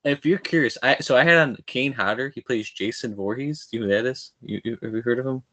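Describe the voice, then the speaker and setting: A young man hosts a podcast with eager, fanboyish chatter, tripping over his own starts. His voice sits at an everyday medium pitch. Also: quick pace, a bit bright. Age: young adult. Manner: eager, fanboyish, stumbling restarts. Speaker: podcast host. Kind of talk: casual interview chat.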